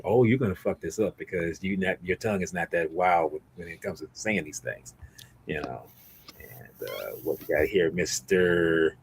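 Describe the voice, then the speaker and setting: A man's voice: fairly low pitch, pushed and bright. A man hosting a casual livestream, talking in a rambling way with many restarts and fillers. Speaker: livestream host.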